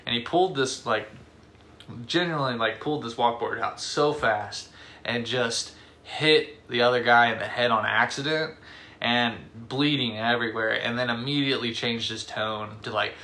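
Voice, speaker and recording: A young man co-hosting a podcast, telling stories in a rambling, halting way with lots of fillers, a bit tipsy from beer. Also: medium pitch, bright, forceful tone. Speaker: podcast co-host. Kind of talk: casual chat.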